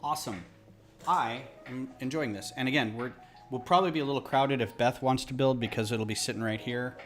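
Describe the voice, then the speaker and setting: A man's voice: mid-range voice, a little fast. A man hosting a casual live stream at his home building table, thinking aloud with jokey asides, close to a desktop microphone. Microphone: desktop USB microphone close to the speaker. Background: ambient music from a laptop.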